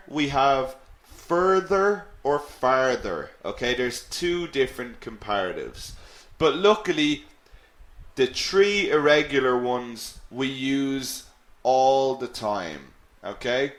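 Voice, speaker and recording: A man teaching a live online English lesson, repeating example words slowly and clearly for his learners. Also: mid-range voice, lively intonation, a bit bright. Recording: echoey room.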